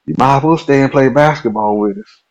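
A man voicing a friendly, curious man at a park court, raising his voice higher when quoting him. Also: a little fast, a little mellow, lightly acted, poor audio. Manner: easygoing, curious questions.

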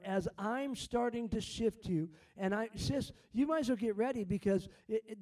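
Fervent high-voiced man prophesying. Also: a little mellow, far from the mic. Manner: fervent, repeats words, quotes God as speaking. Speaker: prophetic minister. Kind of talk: prophetic ministry over congregants.

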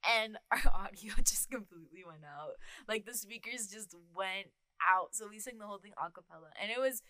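A woman's voice: medium pitch, moderate pace, sharp tone, dry recording. A woman co-hosting a casual chat about theater, bubbly and giggly, often saying "like".

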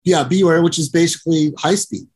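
A man's voice: a little high, brisk, darkish tone, breathy edge. A middle-aged man, a musician and producer, telling long profane stories and acting out the people in them. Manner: rambling and profane, acts out voices, keeps saying "you know". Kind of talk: casual storytelling interview.

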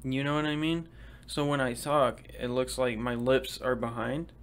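A young man hosting a casual solo podcast, talking fast and swearing casually as he chats. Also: mid-range voice, level tone, clear, resonant tone. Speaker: podcast host.

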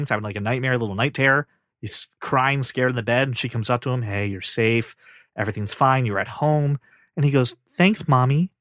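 A man co-hosting a casual movie review chat, ranting with energy and acting out scenes in quick put-on voices. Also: mid-range voice, a bit bright, no echo, clean studio sound. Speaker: podcast co-host.

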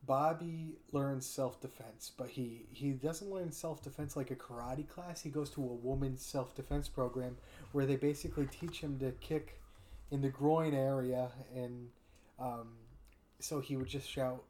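Guy hosting a podcast, medium pitched voice, acts out all the cartoon bits as he tells them. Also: steady tone, measured pace, warm tone, slight background noise. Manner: retells cartoon scenes, voicing every character; fond of doing impressions. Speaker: podcast host. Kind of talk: casual chat.

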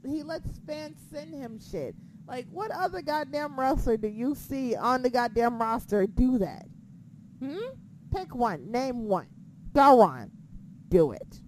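A young woman with a slightly high voice, talking excitably and swearing freely in a casual chat. She laughs often, and a faint hiss of noise sits under her voice. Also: unhurried, rough recording. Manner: excitable, profane, laughs a lot. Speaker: co-host of a wrestling chat.

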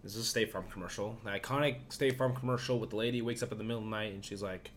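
A man's voice: lowish voice, fairly even intonation, rapid-fire, slight background noise. A man co-hosting a casual podcast, telling a story in a laid-back way and acting out the quotes. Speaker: podcast co-host.

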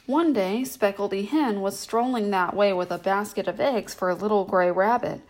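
A woman hosting a bedtime story reading, narrating in a gentle, measured way. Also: mid-range voice.

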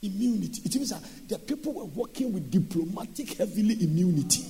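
Male preacher, animated sermon delivery, high voice. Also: fast, gravelly, a little hiss or hum. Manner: animated, switching between speech and sung shouting.

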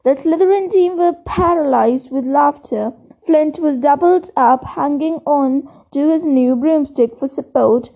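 A woman reads a storybook aloud in a high voice at a slow, careful pace. She stumbles now and then and restarts a word. The recording is dull and lo-fi. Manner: steady reading with occasional slips and restarts. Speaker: reader. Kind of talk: audiobook reading.

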